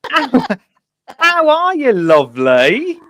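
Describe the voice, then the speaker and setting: A man's voice: very high-pitched, huge pitch swings, takes it slowly, a bit bright, dry recording, clean studio sound. Chatty man hosting a live chat. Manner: chatty, jokey, reads out viewer greetings. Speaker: host. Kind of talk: casual live-stream chat. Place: home makeshift studio.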